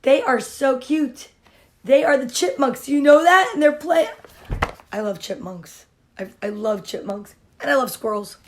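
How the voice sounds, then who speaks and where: A woman's voice: high voice, animated, measured pace. A woman comedian reading a children's storybook aloud with gushing, playful asides.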